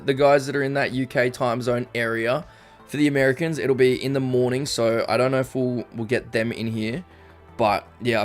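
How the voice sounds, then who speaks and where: A young Australian man casually chatting on a live stream, rambling and reading chat messages aloud. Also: mid-range voice. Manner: rambling, reads chat aloud, frequent ums. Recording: faint background music.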